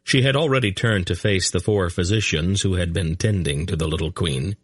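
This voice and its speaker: Deep-voiced male narrator, slow measured read, dry close sound. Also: breathy edge, dry recording. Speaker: audiobook narrator. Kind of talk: scripted narration.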